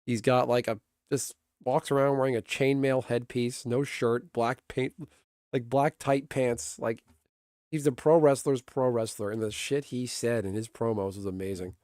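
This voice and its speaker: A man's voice: medium pitch, steady tone, moderate pace, darkish tone, no room sound, studio quality. A man streaming and chatting casually with viewers in a rambling way, often laughing. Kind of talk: casual livestream chat.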